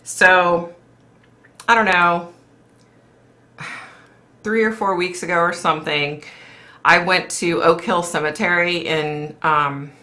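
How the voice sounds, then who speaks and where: A middle-aged woman from Philadelphia hosting a casual psychic livestream, chatting with viewers in a blunt, animated way and swearing freely. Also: lowish voice, slow, pauses often. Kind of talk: casual livestream chat reading comments.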